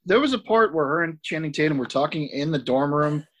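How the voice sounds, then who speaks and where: A man's voice: fairly high pitch, lively intonation, a little fast, fairly bright tone. A man co-hosting a podcast, chatting expressively and swearing, given to playful mimicry. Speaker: podcast co-host. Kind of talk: casual film discussion.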